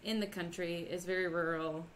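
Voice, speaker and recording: A woman from Minnesota hosts a relaxed crafting livestream, chatting with viewers and reading their messages aloud. Her voice sits a little low, and she laughs easily. A faint ambient hum runs under the home recording. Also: normal speed. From Minnesota, USA. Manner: chatty, laughs often, reads chat aloud. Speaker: livestream host. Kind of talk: casual livestream chat while crafting.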